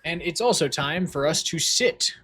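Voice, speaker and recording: A man's voice: on the high side, animated, normal speed, bright, forceful tone, breathy edge. A man livestreaming a farming game, chatting casually in a goofy, self-deprecating, rambling way. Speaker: streamer. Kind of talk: casual livestream chat while gaming.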